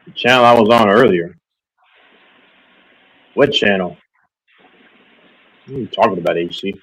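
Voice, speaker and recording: Low-voiced man in rambling stream chat. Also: moderate pace, fairly bright tone, husky, rough recording. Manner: rambling, joking, reads and answers chat. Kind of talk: casual live stream chat.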